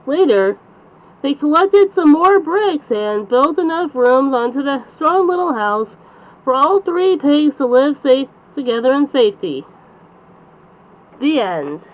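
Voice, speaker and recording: A woman's voice: high-pitched, animated, takes it slowly. A woman reading a children's bedtime story aloud as the channel's storyteller. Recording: slightly dull lo-fi recording.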